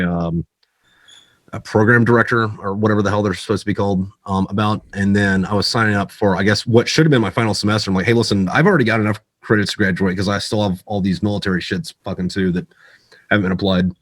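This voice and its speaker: Fast, low-voiced profane male guest. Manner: profane, rambling, lots of fillers. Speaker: podcast guest, author. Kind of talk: casual podcast chat.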